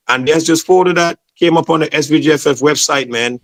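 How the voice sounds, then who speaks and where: A man's voice: fairly high pitch, brisk. A man from Saint Vincent, talking passionately as an interview guest and repeating "man" and "bro". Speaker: football promoter, guest. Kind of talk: casual interview chat.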